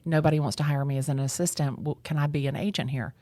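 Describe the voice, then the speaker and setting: A woman, telling her career story as an interview guest in a lively, bubbly way, acting out what people said. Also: deep voice, fast talker, no echo. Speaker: real estate agent, guest. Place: real estate association office.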